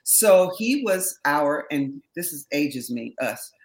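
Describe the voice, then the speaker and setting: A woman from Berkeley, a session singer, telling stories in a lively, laughing way as an interview guest. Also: sits low, slow, reverberant, poor audio. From Berkeley, California. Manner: animated storyteller, laughs often. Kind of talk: casual interview chat.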